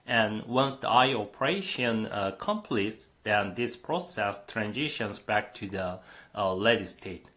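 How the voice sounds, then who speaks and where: A man's voice: lowish voice, lively intonation, a little slow, fairly bright tone. A man lecturing a university class on computing, explaining step by step with frequent "uh" fillers.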